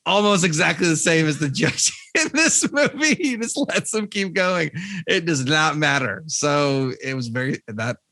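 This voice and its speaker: A young man co-hosts a movie podcast in a laid-back, hesitant way, full of fillers. His voice is gravelly yet bright, with lively pitch swings. It sounds close and dry. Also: measured pace, no echo. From northern US. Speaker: podcast co-host. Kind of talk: casual chat.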